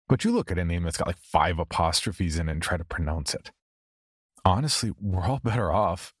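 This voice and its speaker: A man with a very low voice reads a first-person horror story aloud. His delivery is wry, sardonic and offhand, like casual chat. The recording is close and dry. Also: no echo. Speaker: narrator.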